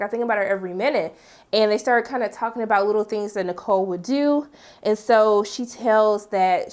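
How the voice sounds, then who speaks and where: A woman giving a casual TV episode recap and review, chatty and animated, acting out the scenes and breaking in with sassy asides. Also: mid-range voice. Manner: chatty, animated retelling with playful sass.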